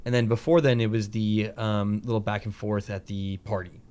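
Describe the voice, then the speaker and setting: A man hosting a casual podcast, rambling through animated retellings of scenes, with lots of fillers and some swearing. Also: on the low side, normal speed, smooth. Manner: casual, profane, filler-heavy. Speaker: podcast host.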